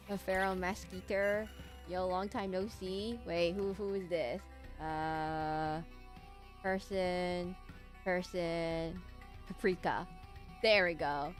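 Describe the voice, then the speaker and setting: A woman's voice: fairly low pitch, slow pace, a bit bright, faint music behind. A woman streaming a game, rambling goofily with frequent laughs and hummed snippets. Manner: goofy, rambling, giggly, hums and sings snippets. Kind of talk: casual gameplay commentary.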